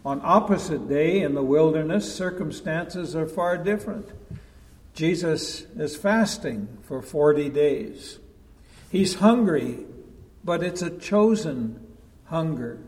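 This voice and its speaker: Pastor, male, slow measured preaching, fairly high voice, long church reverb. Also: lively intonation. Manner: measured, emphatic, drops to a hush at key points. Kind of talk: sermon. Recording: long echo of a large hall.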